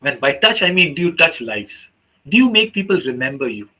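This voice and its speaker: A male teacher trainer speaking to teachers in a webinar, his voice high for a man and bright. His tone is a little husky, and he tells stories with lively quoted voices. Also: a little fast, poor audio. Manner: animated storyteller, acts out quoted voices. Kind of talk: workshop talk with storytelling.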